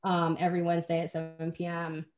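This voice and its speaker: A woman's voice: on the low side, monotone, quick pace, darkish tone, faint music behind. A young woman chatting casually as a radio guest, bubbly and rambling, with jokey asides. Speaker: guest, band singer and music manager. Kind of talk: casual radio interview chat.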